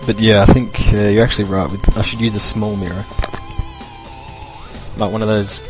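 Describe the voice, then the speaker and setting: Rambling Australian man, low voice. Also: steady tone, measured pace, over loud music. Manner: rambling, chuckling, loose and irreverent. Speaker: podcast host. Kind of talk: casual solo podcast rant.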